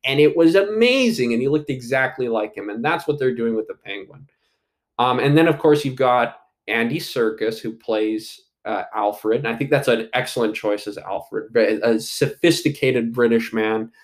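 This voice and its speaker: A man's voice: mid-range voice, moderate pace. A man giving casual solo commentary on an upcoming movie, rambling with many fillers and restarts and swearing casually.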